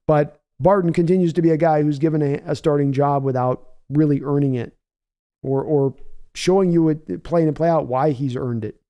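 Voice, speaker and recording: A man's voice: a little high, fairly even intonation, normal speed, lo-fi sound. A man hosting a live game reaction stream, giving opinionated, rambling analysis and reading viewer chat aloud to answer it conversationally. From United States. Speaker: livestream host.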